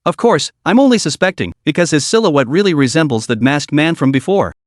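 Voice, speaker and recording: A man's voice: fairly high pitch, expressive, fairly quick, no room sound, clean studio sound, close to an everyday voice. A man voicing a scheming young woman who confides her suspicions in an insinuating way.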